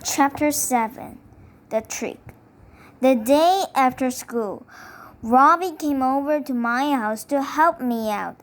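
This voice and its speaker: A woman reading a children's chapter book aloud in a gentle, careful storytelling manner. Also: high-pitched, takes it slowly. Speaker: reader.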